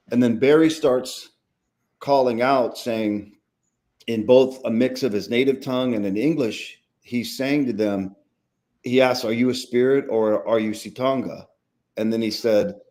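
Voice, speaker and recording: A man, a documentary filmmaker, telling a story casually as a guest, animated and quoting others, with frequent restarts. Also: mid-range voice, normal speed.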